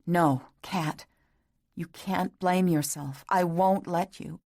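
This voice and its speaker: A woman's voice: lowish voice, steady tone, slow, no echo, clean studio sound. A tender, throaty young husband, read by a woman. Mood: tender pleading. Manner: soft, pleading, throaty. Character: tender anguished young husband comforting his wife.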